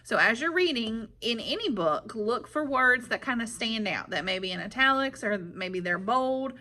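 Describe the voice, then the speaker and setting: Bright-voiced woman teaching a class. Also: on the high side, expressive, normal speed. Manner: clear and patient, checks with "okay?". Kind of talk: reading aloud and explaining to pupils.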